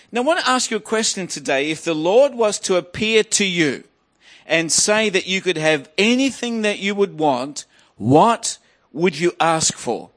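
A man's voice: on the high side, a bit bright. A middle-aged male preacher giving a sermon, joking and restarting phrases, then building to emphatic preaching.

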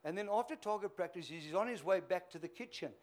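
Older pastor, high voice, jokey and rambling, tells stories. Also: male voice, lively intonation, fast talker, darkish tone. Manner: joking, rambling, laughing. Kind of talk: sermon storytelling.

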